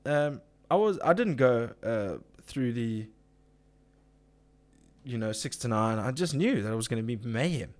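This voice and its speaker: A man's voice: mid-range voice, lively intonation, measured pace, a little mellow. A man hosting a casual live chat, ranting with swearing and reading out viewer comments. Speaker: live-stream host.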